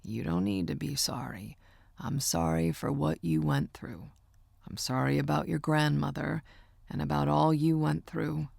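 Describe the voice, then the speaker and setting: Woman voicing a soft-spoken, low, gruff uncle. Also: steady tone, measured pace, no echo, clean studio sound, exaggerated voice. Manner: low, hushed and comforting. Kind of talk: audiobook character voice.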